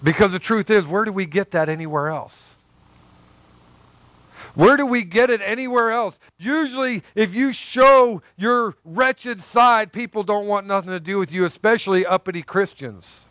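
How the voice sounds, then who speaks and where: Earnest high-voiced male preacher. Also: moderate pace, fairly bright tone, dry recording. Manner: earnest, conversational preaching with emphatic repetition. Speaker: pastor. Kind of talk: sermon.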